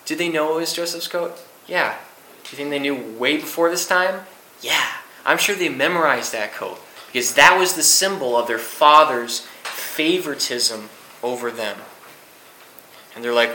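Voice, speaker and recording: A man's voice: on the high side, normal speed, pushed and bright, reverberant, slight background noise, low-quality recording. A young man preaching to a youth group, reading Scripture aloud and teaching in a conversational way, full of rhetorical questions and fillers. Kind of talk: Bible teaching sermon.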